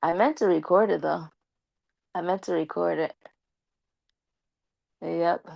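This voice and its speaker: A woman's voice: lowish voice, slow, creaky, no room sound, lo-fi sound. A young woman live streaming and chatting casually with her viewers, slangy and talkative, with a slight lisp from her braces. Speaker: live streamer talking to chat.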